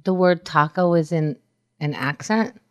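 A woman talks in a somewhat low voice, co-hosting a podcast in relaxed chat. She is blunt and exasperated and swears easily. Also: unhurried. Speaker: podcast co-host. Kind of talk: casual chat.

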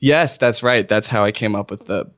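A man hosting a casual comedy podcast chat, sarcastic and animated as he riffs on movies. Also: on the low side, normal speed, no echo, studio quality. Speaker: podcast host.

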